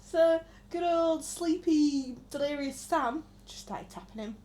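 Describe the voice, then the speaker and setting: This young woman talks casually in a slightly higher voice. She tells stories and acts out the quotes, swearing often as she goes. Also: a little slow, dark tone. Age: 20s. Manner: storytelling with acted-out quotes, frequent swearing. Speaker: podcast co-host. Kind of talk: casual chat.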